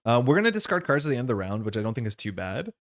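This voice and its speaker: A man's voice: mid-range voice, sing-song, rapid-fire, a bit bright. A man playing a card game on stream, thinking aloud as he explains the rules and his choices in a casual way.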